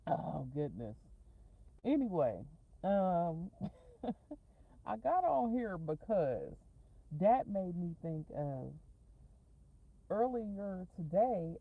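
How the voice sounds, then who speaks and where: A woman's voice: medium pitch, dark tone, low-quality recording. A woman talking casually in a rambling, profane storytime vlog, going off on tangents and laughing often. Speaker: vlogger. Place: in a parked car.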